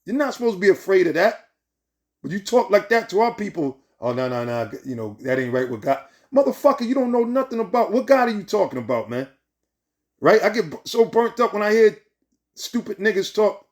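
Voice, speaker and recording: A man with a high, slightly mellow voice preaches informally from scripture, heated and profane. He repeats himself and caps his lines with "man" and "right?".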